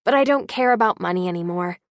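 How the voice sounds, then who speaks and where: A woman's voice: on the low side, lively intonation, fast talker, dry recording, clean studio sound. A woman voicing an earnest, apologetic teenage girl in an audiobook.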